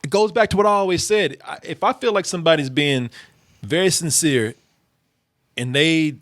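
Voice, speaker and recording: A man talks in a casual commentary chat, emphatic and circling back on his words. His voice sits a little high, and the studio mic is close and dry. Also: moderate pace, a bit bright, dry recording. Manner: emphatic, rambling with restarts. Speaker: show host.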